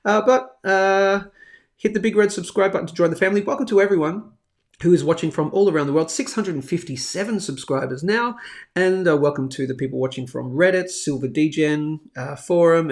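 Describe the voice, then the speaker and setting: A man's voice: on the high side, a little fast, creaky. An Australian man in his thirties hosting a daily live stream, chatty and jokey as he reads out viewer comments. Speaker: host of a live bullion show. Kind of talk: casual live-stream chat.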